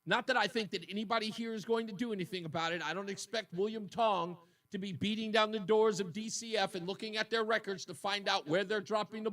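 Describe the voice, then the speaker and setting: Radio host guy, fired up and upset, pretty high voice, mic a bit far off. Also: fairly bright tone. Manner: indignant, emotional, repeats points for emphasis. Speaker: radio talk show host. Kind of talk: talk radio monologue.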